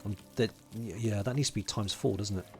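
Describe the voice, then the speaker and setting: Gravelly-voiced man streaming a game. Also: lowish voice, brisk, darkish tone, faint music behind. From England (London). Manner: chatty, muttering to himself while playing and greeting chat. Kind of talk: casual livestream commentary.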